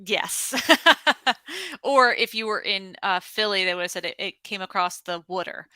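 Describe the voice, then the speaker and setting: Woman trivia host, bubbly and chatty, bright clear voice on a dry video call. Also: medium pitch, measured pace, no echo. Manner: bubbly, chatty, laughs often. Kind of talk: casual virtual trivia hosting.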